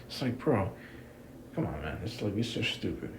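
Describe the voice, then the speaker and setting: A young man rants through a wrestling review in a fairly low voice, swearing often and circling back to the same complaints. His exasperated delivery keeps returning to casual asides. A faint hiss sits under the recording. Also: fast. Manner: profane, exasperated, repetitive. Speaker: wrestling commentator. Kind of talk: ranting review.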